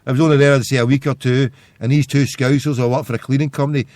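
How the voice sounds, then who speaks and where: A Scottish man hosts a podcast, spinning loose, rambling stories in a casual monologue. He talks fast in a steady, darkish, medium-pitched voice, and the sound is studio quality with no echo.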